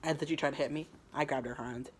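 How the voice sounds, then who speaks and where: A man's voice: on the high side, fairly even intonation, fast talker, slight background noise. A man casually retelling his own fan fiction story, rambling and crude, often stumbling and restarting his words.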